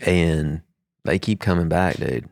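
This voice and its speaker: A man, co-hosting a podcast in casual chat, telling animated stories and laughing often. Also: low-pitched, slow, no echo, studio quality. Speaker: podcast co-host.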